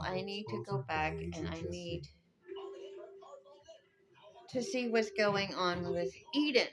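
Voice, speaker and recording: A woman's voice: medium pitch, rough recording. A woman telling an old legend in a casual, rambling way, drifting off on tangents. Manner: rambling, conversational, drifts off track. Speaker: storyteller. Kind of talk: casual spoken storytelling.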